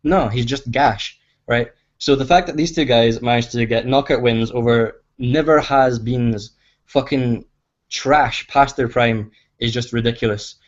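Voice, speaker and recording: A man's voice: medium pitch, unhurried. Guy calling into a pod and ranting, swearing a lot, muffled audio. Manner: ranting, profane, emphatic. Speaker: caller. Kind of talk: ranting phone-in call. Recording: dull lo-fi audio.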